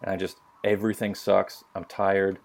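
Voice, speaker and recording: A man's voice: sits low, monotone, moderate pace, gravelly, a little mellow. A man, a military veteran, telling stories on a casual podcast in a blunt, profane way and acting out what people said. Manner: profane, blunt, acts out quotes.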